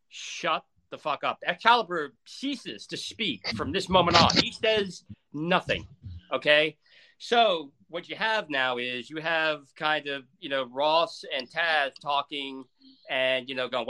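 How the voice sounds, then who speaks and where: A man retelling a wrestling match in casual, animated talk, swearing freely and acting out what people said. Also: on the high side. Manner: profane, emphatic, acts out quotes. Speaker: wrestling storyteller.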